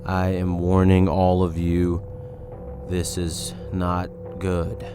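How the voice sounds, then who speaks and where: Low-voiced man, wry internet commentary. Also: completely flat delivery, slow, music in the background. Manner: wry and exasperated, with mock warnings. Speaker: commentary video host. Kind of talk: casual commentary reading posts.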